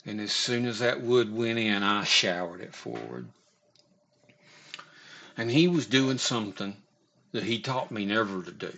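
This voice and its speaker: A man's voice: on the low side, measured pace, vocal fry, long pauses, pushed and bright, slight background noise. A man casually telling a story, rambling and profane, often stopping to restart his sentences. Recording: dull lo-fi recording.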